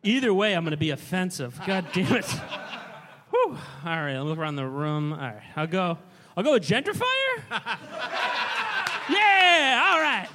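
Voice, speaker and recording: A man answering on a comedy show stage, sheepish and self-mocking, now and then bursting into shouts. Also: high-pitched, sing-song, normal speed, long pauses. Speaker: comedy game contestant.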